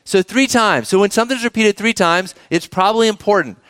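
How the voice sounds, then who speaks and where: A man's voice: sits high, brisk, fairly bright tone, smooth, no room sound, studio quality. A man preaching a sermon, reading scripture aloud and asking the children in the congregation questions. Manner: engaging, asks the children questions. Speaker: pastor.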